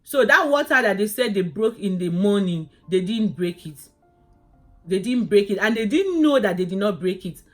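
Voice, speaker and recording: A woman vlogging her labor story in a casual, animated way, often calling viewers "guys" and restarting her sentences. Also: mid-range voice, normal speed, faint music behind.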